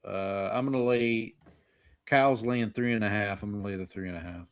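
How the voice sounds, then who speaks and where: A man's voice: lowish voice, normal speed, clear, resonant tone. A man co-hosting a casual sports podcast, reading out bowl matchups and his picks with a wry, joking tone. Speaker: podcast co-host. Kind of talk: casual sports betting chat.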